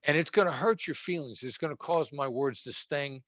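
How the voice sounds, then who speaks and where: Interviewed as a former hostage negotiator, a man speaks conversationally and acts out tones that shift between gentle and sharp. His voice is on the high side at normal speed, and the recording is muffled.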